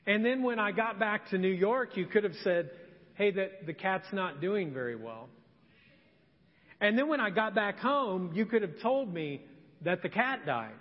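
A fussy husband complains and lectures at length in a high, nagging voice, put on by a male pastor in a sermon. The voice echoes in a long hall reverb and sounds slightly dull. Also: animated, a little slow. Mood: complaining.

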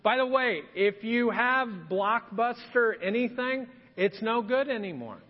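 In a church sanctuary, a male pastor gives a humorous storytelling sermon, acting out scenes in quoted voices. His voice is extremely high, expressive, and a little slow, and the dull, lo-fi recording carries long hall reverb.

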